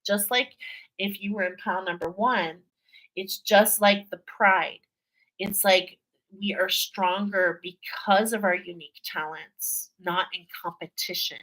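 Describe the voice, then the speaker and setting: A woman's voice: medium pitch, fairly bright tone, low-quality recording. A woman giving a casual spiritual tarot reading to her viewers, chatty and repetitive, often checking in with "okay?". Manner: chatty, repeats herself, frequent "okay?" and laughs. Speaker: tarot card reader.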